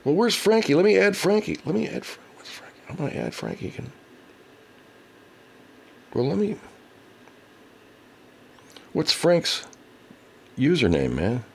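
A man's voice: a little high, very animated, measured pace, gravelly, long pauses, slight background noise. A man hosting a casual livestream, reading viewer comments, swearing heavily and ranting angrily. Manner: baby talk to his pet cat. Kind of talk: casual profane livestream chat.

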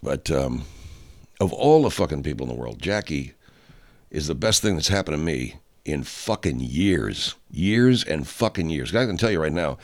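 An older man in a profane, angry rant, swinging from loud outbursts to quiet, low stretches. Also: very animated, moderate pace. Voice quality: heavy swearing, loud outbursts. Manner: ranting, rising into shouting then dropping low.

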